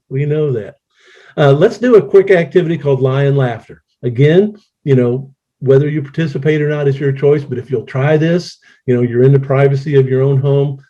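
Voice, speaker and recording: Jokey man in his sixties, mellow voice. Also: medium pitch. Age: 60s. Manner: jokey, playful, breaks into laughter. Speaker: laughter yoga presenter. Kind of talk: casual online presentation. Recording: dull lo-fi audio.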